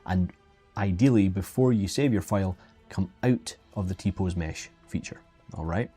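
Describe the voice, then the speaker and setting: A man's voice: low voice, normal speed, warm tone, breathy edge. A man chatting casually and jokingly while teaching digital sculpting on a live stream, often restarting his sentences. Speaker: 3D sculpting instructor. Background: faint background music.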